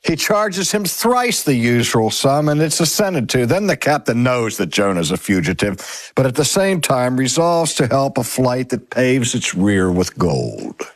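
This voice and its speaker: A man reads an old sermon aloud, taking a measured and dramatic pace. His voice sits at an ordinary middle pitch. The recording is dry and close. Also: sing-song, dry recording. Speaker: reader. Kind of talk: scripted narration of a sermon from a novel.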